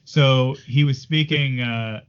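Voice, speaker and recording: A man co-hosting a podcast in casual chat, friendly and quick to laugh. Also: mid-range voice, fairly even intonation. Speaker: podcast co-host. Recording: muffled lo-fi audio.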